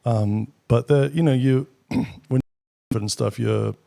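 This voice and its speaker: A middle-aged British man, a guest on an interview show, telling anecdotes casually with quick asides and the odd swear. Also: mid-range voice, vocal fry, dark tone. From Britain. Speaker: guest, former military pilot. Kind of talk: casual storytelling.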